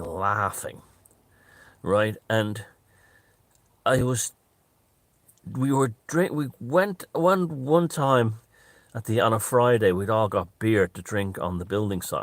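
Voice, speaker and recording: A man's voice: lowish voice, no echo. A man telling a rambling story in casual talk, repeating phrases and restarting often. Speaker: author and storyteller.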